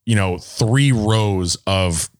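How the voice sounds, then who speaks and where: A man co-hosting a casual podcast, telling animated stories, acting out quotes and swearing freely. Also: on the low side, drawn-out words. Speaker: podcast co-host. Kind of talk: casual chat.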